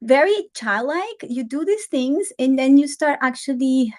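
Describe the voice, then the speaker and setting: A woman guest in an interview, talking gently and animatedly with many fillers as she explains ideas. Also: high voice, expressive, a little slow. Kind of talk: casual interview talk.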